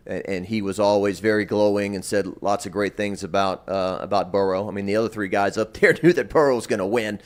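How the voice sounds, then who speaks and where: Male sports reporter, relaxed stop-start rambling chat. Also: on the low side. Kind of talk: casual sports radio chat.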